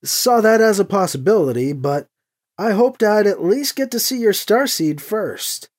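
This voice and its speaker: A man's voice: high-pitched, animated, measured pace. A reader voicing a dry, sarcastic man who is held captive.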